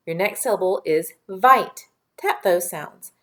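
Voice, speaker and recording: A woman teacher giving a patient, clearly spoken phonics and dictation lesson for young children. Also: on the low side, expressive, unhurried, fairly bright tone.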